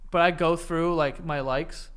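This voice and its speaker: A man's voice: a little high, steady tone, a little slow, a bit bright, clear, resonant tone. A man co-hosting a podcast, teasing his friend with mock disgust and cursing freely. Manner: teasing, incredulous, swears freely. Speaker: podcast co-host. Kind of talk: casual chat.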